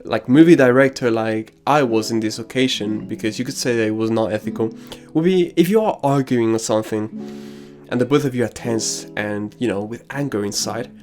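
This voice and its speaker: A man giving casual, slangy commentary on an anime and telling personal anecdotes. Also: mid-range voice. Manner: casual and slangy, drops crude asides.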